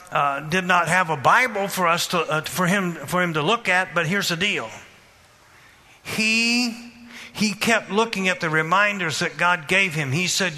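A man preaching a sermon, questioning the congregation and repeating phrases in a steady rhythm. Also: sits high. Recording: reverberant hall.

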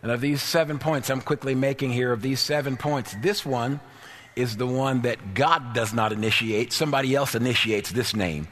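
A man's voice: medium pitch, moderate pace, fairly bright tone. A man preaching an evening church sermon with a fervent, repetitive cadence. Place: church sanctuary. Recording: long reverb of a church hall.

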